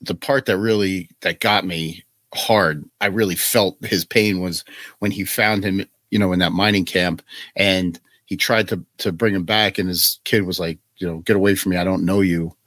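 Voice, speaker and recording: A man co-hosts a casual film podcast, earnestly retelling a story with feeling. His voice is fairly low. The recording is dry and close, with no room echo. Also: steady tone, moderate pace, a bit bright. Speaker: guest co-host. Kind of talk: casual film review chat.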